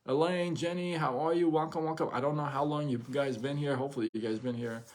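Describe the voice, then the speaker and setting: A middle-aged man hosting a casual livestream, talking in an animated way, often repeating himself and asking "right?". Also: a little high, quick pace. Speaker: livestream host.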